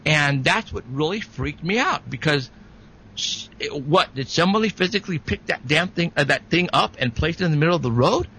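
A man, a paranormal investigator, telling an excited, halting story as a guest in an interview. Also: on the high side, husky, low-quality recording.

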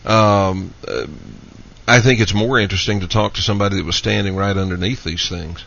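A man's voice: on the low side, fairly even intonation, a little fast, vocal fry, a bit bright. A man hosting a call-in radio show, steadily taking calls and reading out listener questions. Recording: dull lo-fi radio sound.

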